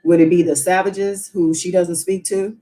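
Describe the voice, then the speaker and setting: A woman's voice: lowish voice, level tone, normal speed, dark tone, poor audio. A woman hosting a casual live stream, chatting and musing as she reads news aloud with her own asides.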